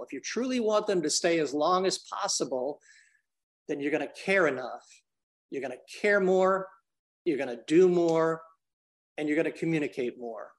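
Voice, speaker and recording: A man as a podcast guest, explaining business ideas energetically and acting out little dialogues. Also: fairly high pitch. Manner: energetic, acts out dialogues in different voices; addresses the host by name often. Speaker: business consultant and trainer.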